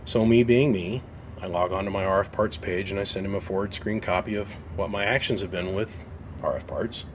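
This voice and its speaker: This low-voiced man owns an amp repair shop and talks briskly over a noisy background. He tells the camera a casual story in a blunt, aggrieved tone, playing both sides of phone calls.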